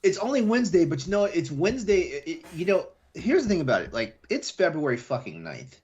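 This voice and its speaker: A man's voice: on the high side, sing-song, brisk, darkish tone, slightly rough, dull audio. A man hosting a casual late-night podcast, rambling and repeating his words, and laughing often. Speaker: podcast host.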